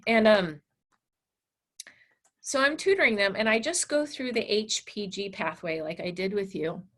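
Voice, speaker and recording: A woman teacher telling a class story in an animated, blunt and candid way. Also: mid-range voice, a little slow, long pauses. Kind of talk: storytelling lecture.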